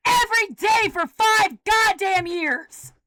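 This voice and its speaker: A woman in an agitated, profane rant, often breaking into shouting. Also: very high-pitched, slow pace, slight background noise.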